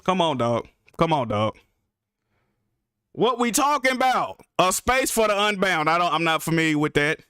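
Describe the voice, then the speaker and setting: A young man streaming live about games, ranting in an exasperated, profane way with big swings between loud outbursts and mutters. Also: on the high side, very animated, moderate pace, clear, resonant tone, no echo, clean studio sound. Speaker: gaming streamer.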